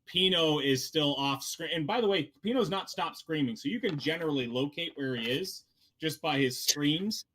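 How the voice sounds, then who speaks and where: A man's voice: a little high, moderate pace, a bit bright, a little hiss or hum. A man narrating as dungeon master in a casual tabletop game session, with many fillers and restarts.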